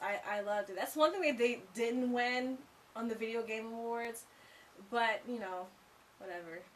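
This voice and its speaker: A woman's voice: fairly high pitch, fairly bright tone, recorded from a distance. A woman co-hosting a casual video game review, gushing and enthusiastic and often repeating herself. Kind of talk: casual chat.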